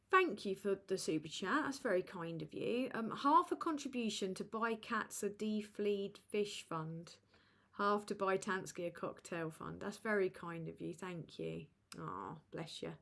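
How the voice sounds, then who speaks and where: A woman hosting a live chat with viewers, rambling and halting with many fillers, tired and low. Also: a bit bright. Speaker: livestream host.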